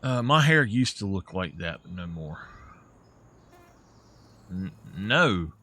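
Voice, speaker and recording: A man's voice: sits low, very animated, slow, pushed and bright. A man with a Southern US accent, chatting casually while streaming a game and laughing at his own jokes. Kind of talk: casual live-stream chat.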